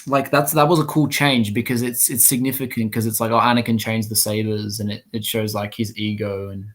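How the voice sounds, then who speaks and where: A man's voice: on the low side, fairly even intonation, brisk. A man co-hosting a casual podcast chat, rambling with lots of restarts and fillers. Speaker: podcast co-host.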